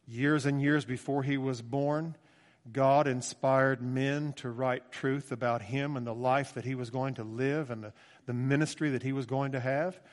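A man's voice: medium pitch, big-room sound. A man preaching a sermon in an earnest, reflective way, reading scripture aloud and explaining it.

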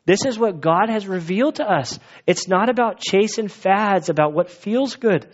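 Animated and high-voiced, a male pastor moves at a moderate pace through an expository sermon for his congregation. He sounds earnest and conversational in the church sanctuary, though the recording is dull and lo-fi.

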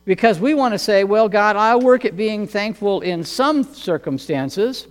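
Pastor guy preaching, pretty high voice, long hall echo, faint hum under it. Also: lively intonation. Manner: earnest, repeats words, measured pauses. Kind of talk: sermon.

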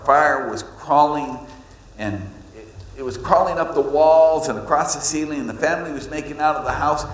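A man preaching a sermon, reading scripture and telling stories, with his pitch jumping up on points he wants to stress. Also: moderate pace. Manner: animated storytelling, pitch leaps on emphasis. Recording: echoey hall with long reverb.

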